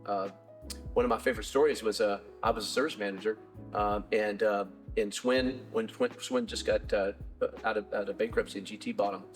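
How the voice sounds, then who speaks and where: A man's voice: on the low side, fairly even intonation, a little fast, soft background music. A middle-aged man, a bike shop owner, answering interview questions in a rambling way, full of restarts and fillers.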